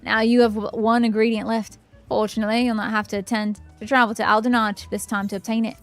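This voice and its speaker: A woman putting on a bold pirate leader from a fantasy game, loud and commanding, declaiming each line with a voice pitched a little high. Soft music plays faintly underneath. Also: flat delivery, fast, lightly acted.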